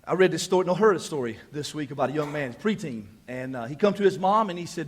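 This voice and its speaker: A male pastor in his thirties delivers a sermon in a chatty, folksy way, full of self-deprecating asides. His voice sits slightly high for a man and has a husky, raspy grain. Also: quick pace. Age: 30s. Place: church.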